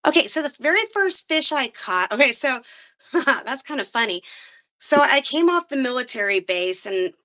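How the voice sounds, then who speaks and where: A woman telling her fishing story in a casual interview, lively and quick to laugh. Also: high voice. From grew up on military bases. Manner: animated, laughs often, acts out quotes. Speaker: guest angler.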